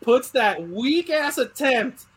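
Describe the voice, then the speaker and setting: A man's voice: extremely high pitch, lively intonation, slow, husky. A man co-hosting a casual sports chat, making strong opinionated points with frequent swearing. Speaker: podcast co-host.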